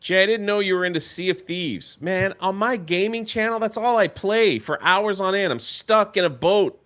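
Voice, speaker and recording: A man's voice: high voice, moderate pace, a bit bright. A man co-hosting a casual chat show, rambling loosely, trailing off and laughing as he talks. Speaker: co-host.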